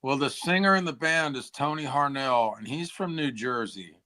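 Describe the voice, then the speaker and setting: Forties musician guest, hoarse and throat-clearing, bright edgy tone, rambling chat style. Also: male voice, mid-range voice, normal speed. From Tennessee, US. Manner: rambling, says "like" and "dude" a lot. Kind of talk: casual interview chat.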